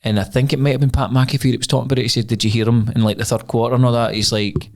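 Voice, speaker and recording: A man's voice: medium pitch, steady tone, rapid-fire, a little mellow. A young Scottish man co-hosting a podcast, chatting casually, rambling and swearing freely. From Scotland. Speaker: podcast co-host. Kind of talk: casual chat.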